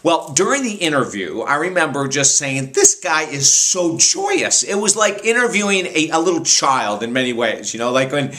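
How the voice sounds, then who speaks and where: A man who hosts a radio talk show, telling a personal story in an animated, rambling way with frequent restarts. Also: a little high, brisk, few pauses.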